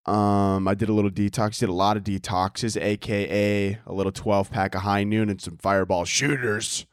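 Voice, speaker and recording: A man's voice: lowish voice, fairly even intonation, normal speed, smooth, no room sound, clean studio sound. A young man hosting his own podcast solo, rambling in a profane, self-mocking way and laughing often at his own jokes. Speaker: podcast host. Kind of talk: casual comedic podcast monologue.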